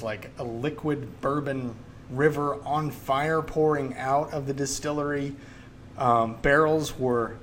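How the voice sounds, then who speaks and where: A man's voice: medium pitch, a little hiss or hum. Jokey, rambling male podcast host. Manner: jokey, rambling, with many fillers. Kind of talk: casual chat.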